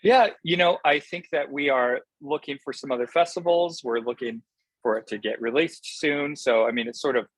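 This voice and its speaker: Man, film director guest, husky voice, dry close sound, earnest and halting. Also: medium pitch, dry recording, low-quality recording. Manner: earnest, enthusiastic, halting with many fillers. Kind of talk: casual interview answers.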